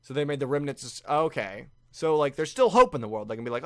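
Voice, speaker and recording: A young man giving casual reaction commentary on an anime, excited and laughing, briefly mimicking the characters' lines. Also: fairly high pitch, a little fast, no room sound.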